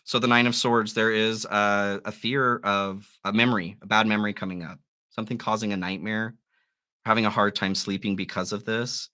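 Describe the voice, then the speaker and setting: A man hosting a live tarot reading, musing through the cards in a gently encouraging way. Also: lowish voice. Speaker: tarot reader.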